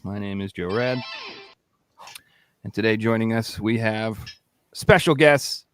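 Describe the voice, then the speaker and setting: A man's voice: lowish voice, unhurried, slight background noise. A man hosting a casual podcast, telling stories with plenty of animation and free swearing. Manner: animated storyteller, swears freely. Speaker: podcast host.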